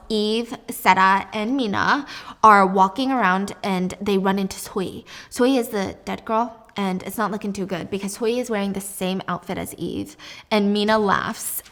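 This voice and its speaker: A chatty woman recapping a TV drama, with sassy asides and a casual flow. Her voice sits in a middling range for a woman. She sounds relaxed and conversational. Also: medium pitch. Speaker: youtuber.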